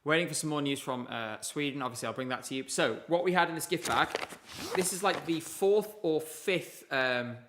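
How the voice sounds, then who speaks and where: Bright-voiced man streaming live. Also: a little high, moderate pace. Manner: chatty, rambling, thanks viewers. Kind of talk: casual live-stream commentary. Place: home room at a desk with laptops.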